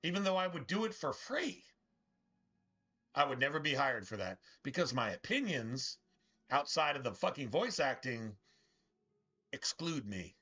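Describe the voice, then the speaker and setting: A man's voice: medium pitch, very animated, unhurried, long pauses, sharp tone, breathy edge, muffled recording. A man streaming a game, ranting bitterly and with lots of swearing, stumbling over restarts as he talks. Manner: profane, bitter, rambling with many restarts. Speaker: gaming streamer. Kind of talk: casual ranting commentary over gameplay.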